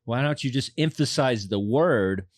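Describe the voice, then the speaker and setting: A man's voice: medium pitch, lively intonation, unhurried, no room sound, studio quality. A man from Texas, a comedian guest in a casual chat, talking in a loose, rambling way full of fillers. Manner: rambling, filler-heavy storytelling.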